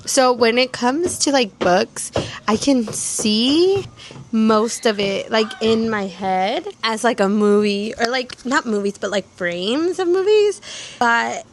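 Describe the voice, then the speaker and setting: A woman's voice: a little high, lively intonation, slow pace, a little hiss or hum. A young woman from the United States chatting casually at home as a book vlogger, recapping and ranting with bursts of laughter. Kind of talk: casual chat.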